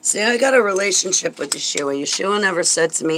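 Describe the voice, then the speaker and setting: A woman's voice: fairly low pitch, animated, a little fast, few pauses, fairly bright tone, low-quality recording. A woman vlogger delivering a heated, sarcastic religious rant, indignant and swearing when angry.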